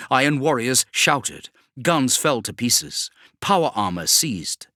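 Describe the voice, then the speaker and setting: A man narrating a sci-fi audiobook for bedtime in an expressive storytelling manner. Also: medium pitch, takes it slowly, few pauses, no echo, clean studio sound.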